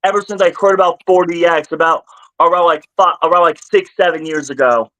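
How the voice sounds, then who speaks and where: A man with a high voice talks on a home livestream. He rambles, repeats himself and climbs higher when upset. The sound is dry with no room echo. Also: fairly quick. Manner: rambling, repeats and restarts phrases, gets louder and higher when worked up. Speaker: streamer. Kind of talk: casual livestream chat.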